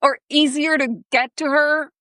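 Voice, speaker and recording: Woman, higher register, dry close sound; chatty guest who circles back on herself. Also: flat delivery, moderate pace, bright, forceful tone, no room sound. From Colombia. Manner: chatty, many fillers and self-interruptions. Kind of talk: casual conversation.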